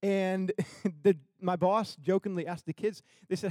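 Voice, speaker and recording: A man's voice: high voice, steady tone, a little slow, warm tone, no room sound, clean studio sound. A young man telling a funny personal story to an audience, laughing often and acting out the people he quotes.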